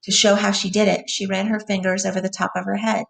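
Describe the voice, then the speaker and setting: A woman's voice: medium pitch, level tone, quick pace, creaky, recorded from a distance. A woman teacher reading a novel aloud to a class, stopping to explain words in between. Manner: plain reading with side glosses.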